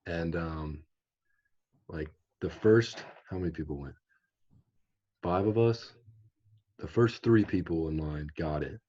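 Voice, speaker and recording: A man's voice: low voice, takes it slowly, pauses often, a little mellow, dull audio. A young man telling a rambling story in a laid-back way, full of fillers, as a podcast guest. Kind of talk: casual storytelling chat.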